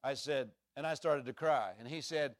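A man's voice: mid-range voice, moderate pace, no echo, studio quality. A man, a traveling minister, telling a personal testimony in a sermon with earnest, emphatic storytelling.

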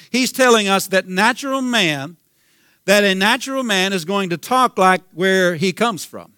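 A man with a Southern US accent preaches with fervor, circling back over his points and calling out hallelujah. His voice sits high and bright. The sound is close and dry, with no room echo. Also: measured pace, smooth. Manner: fervent, repeats himself, calls out hallelujah. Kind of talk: sermon.

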